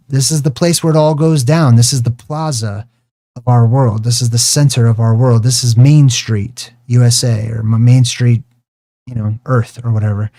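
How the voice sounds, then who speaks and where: A man's voice: medium pitch, mellow. A man hosting his own video, lecturing in a rambling way, drifting into tangents and stretching out key words for emphasis. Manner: drawn-out emphasis on single words. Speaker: video host. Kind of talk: rambling screen-share lecture.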